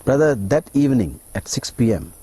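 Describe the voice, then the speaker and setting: Husky-voiced man telling his story. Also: medium pitch, sing-song, mellow, no echo. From Malaysia. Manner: emotional, halting storytelling, acts out his own inner voice. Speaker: interview guest. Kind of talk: personal testimony in an interview.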